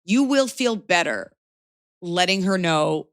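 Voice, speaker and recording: A woman's voice: lowish voice, expressive, slow pace, no room sound, clean studio sound. A woman in her thirties hosting an advice podcast, talking bluntly and acting out quoted voices. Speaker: podcast host giving advice. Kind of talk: casual advice chat.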